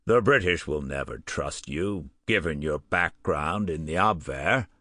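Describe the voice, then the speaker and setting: Narrator guy putting on a gruff american professor, blunt, deep voice. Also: animated, unhurried, sharp tone, dry recording, studio quality, full character voice. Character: determined middle-aged male professor with an American accent.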